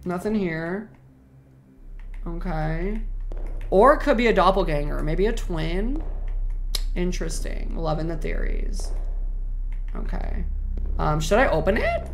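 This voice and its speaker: A woman's voice: lowish voice, animated, slow, gravelly, pauses often, slight background noise. A woman streamer commenting on gameplay live, reacting to chat with slang and swearing.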